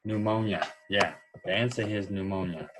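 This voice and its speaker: A man's voice: on the low side, moderate pace, background noise. A man teaching an English grammar lesson, explaining answers step by step and checking in with "okay?" as he goes.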